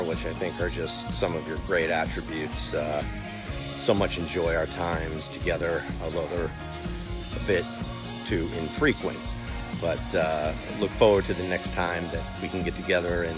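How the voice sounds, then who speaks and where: A man sending a casual, halting birthday video greeting with many pauses and fillers. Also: low voice. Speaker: friend sending a birthday message.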